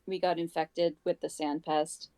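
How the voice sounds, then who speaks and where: A woman chatting as a guest on a game stream, excitable and enthusiastic. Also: sits low, unhurried, smooth, dry recording. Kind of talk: casual chat.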